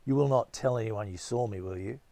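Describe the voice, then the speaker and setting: A man voicing an anxious young runaway monk in an audiobook, earnest and halting when upset. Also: lowish voice, creaky, warm tone.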